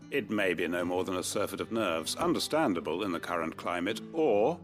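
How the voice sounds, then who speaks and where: An actor playing a courteous, formal male village leader in a video game, speaking in measured, polished sentences. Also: on the low side, close to an everyday voice. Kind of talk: game dialogue.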